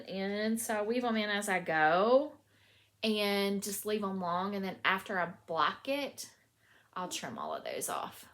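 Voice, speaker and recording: A woman's voice: medium pitch, fairly bright tone. A woman with a Southern US accent hosting a knitting podcast, chatting casually and gushing over her finished projects with lots of fillers. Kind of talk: casual show-and-tell vlog.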